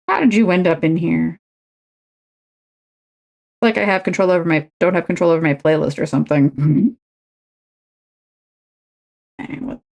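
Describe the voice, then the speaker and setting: A woman's voice: low-pitched, vocal fry, a little mellow. A woman, chatting and rambling to herself and her viewers while she crafts on a stream. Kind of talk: casual chat while crafting.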